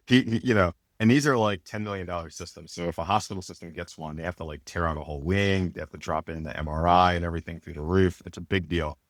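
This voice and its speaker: A middle-aged man, founder of an apparel company, tells his career story as a podcast guest in a casual interview. His low voice moves quickly through loose, rambling talk full of fillers and restarts, recorded in a clean studio with no echo.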